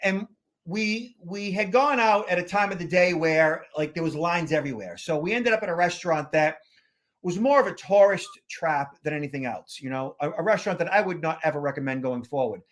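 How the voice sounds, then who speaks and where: A man's voice: fairly high pitch, brisk. A man from the Boston area, co-hosting a security podcast, telling long anecdotes in a casual, rambling way full of fillers and restarts. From Boston area, United States. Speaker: podcast co-host, security expert. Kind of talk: casual chat.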